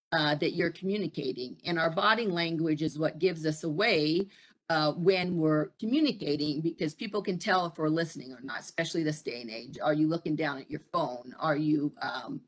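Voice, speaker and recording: A middle-aged woman presenting a live-streamed workshop, pausing often with fillers and putting questions to her audience. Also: deep voice. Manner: frequent fillers and pauses, asks the audience questions. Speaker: presenter at a military family program.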